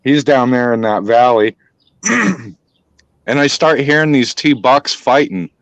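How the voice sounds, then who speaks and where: A man's voice: mid-range voice, expressive, measured pace, no echo. A man casually telling a long hunting story, rambling and swearing, with many restarts. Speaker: storyteller host. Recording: dry, dull lo-fi sound.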